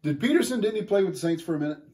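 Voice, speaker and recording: A man's voice: sits high, animated, rapid-fire, warm tone, far from the mic. A man co-hosting a casual sports picks show, joking around with puns and playful banter. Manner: playful, punning, jokey.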